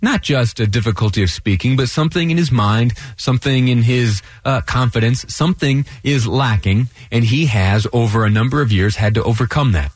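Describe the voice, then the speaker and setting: A man hosting a radio talk show, speaking in a halting way with restarts and slight stammers. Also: medium pitch, slightly rough, no echo.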